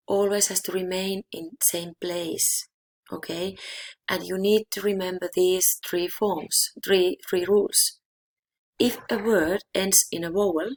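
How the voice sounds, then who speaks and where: A woman's voice: on the low side, breathy edge. A woman teaching a language lesson, explaining grammar rules patiently and checking in with her viewers with frequent "okay?". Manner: slow repeating of example words. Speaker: Spanish teacher.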